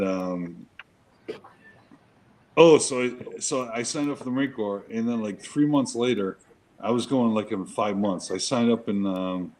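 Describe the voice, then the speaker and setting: Brief: male co-host, ex-Marine, deep-ish voice, swears constantly, rambling chatty storyteller. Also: darkish tone, rough recording. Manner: profane, emphatic, rambling with restarts. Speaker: show co-host, Marine veteran. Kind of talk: casual chat, storytelling.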